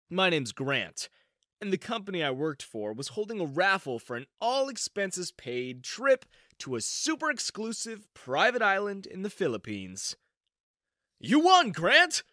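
Male narrator, high and very bright, animated, dry sound. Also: no room sound. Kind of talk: scripted narration of a story.

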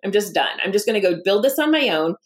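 Animated woman founder telling stories. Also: mid-range voice, fast talker. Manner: animated, acts out quoted dialogue, laughs often. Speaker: founder and guest. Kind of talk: candid interview storytelling.

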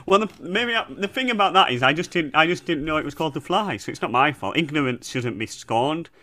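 Lively, bright-voiced podcast man. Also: a little high, brisk. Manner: playful, deadpan boasting. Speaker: podcast co-host. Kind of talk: casual comedic chat.

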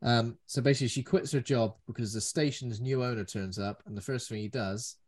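A man's voice: mid-range voice, steady tone, fairly quick, darkish tone. Guy rambling about a movie, jokey, casual podcast chat. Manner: rambling, jokey, does silly voices. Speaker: podcast host. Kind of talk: casual film review chat.

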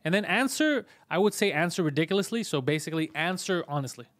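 A man hosting a comedy podcast, telling stories in a fast, profane, animated way. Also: a little high, background noise. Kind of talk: casual storytelling chat.

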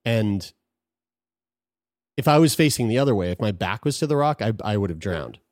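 Low-voiced man telling a frank story. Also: expressive, normal speed, darkish tone, no room sound, clean studio sound. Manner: frank and profane, with frequent restarts. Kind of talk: casual conversational storytelling.

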